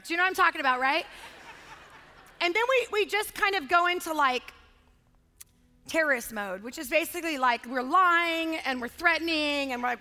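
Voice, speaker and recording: A middle-aged woman giving a sermon as a guest speaker, telling a family story with animated delivery and acting out voices. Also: high voice, fairly quick. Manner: animated, acts out voices of her children. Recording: long hall reverb.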